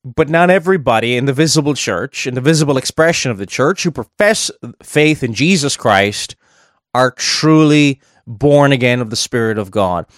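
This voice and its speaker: A man's voice: medium pitch, expressive, moderate pace, dry recording, clean studio sound. A man preaching a sermon in a conversational way, thinking aloud and adding asides as he explains a verse.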